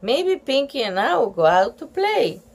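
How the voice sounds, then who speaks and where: A woman voicing Rex, a spunky young girl in a storybook, speaking brightly and eagerly. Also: high voice, big pitch swings, moderate pace, vocal fry, full character voice.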